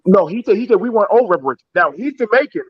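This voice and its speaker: A man in a heated live-stream debate who speaks haltingly and emphatically, with many restarts. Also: high-pitched, lively intonation, breathy edge, dry recording, dull audio.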